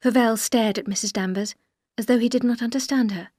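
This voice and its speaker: Woman narrator, clear even reading, dry close studio sound, audiobook. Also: fairly high pitch, fairly quick, no echo. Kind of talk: scripted audiobook narration for learners.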